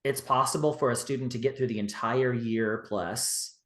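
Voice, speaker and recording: A man speaking as a podcast guest in relaxed, rambling conversation, full of "you know" fillers. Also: mid-range voice, moderate pace. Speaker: guest, witchcraft teacher. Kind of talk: casual interview talk. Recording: roomy echo.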